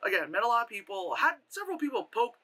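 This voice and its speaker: A man vlogging in casual storytelling mode, animated and laughing, swearing freely. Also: very high voice, fast. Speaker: vlogger and cosplayer.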